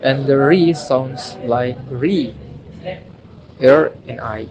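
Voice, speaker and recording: A man's voice: mid-range voice, very slow, dull audio, crowd noise. A young man, a university student from Indonesia, reads a phonology lesson aloud, carefully saying each example word two or three times. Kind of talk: reading a recorded phonology lesson.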